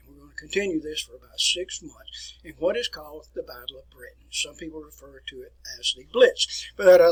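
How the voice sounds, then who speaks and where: A man's voice: a little high, fairly bright tone, breathy edge, rough recording. A middle-aged man teaching a recorded history lecture, folksy and digressive, talking to his students as folks.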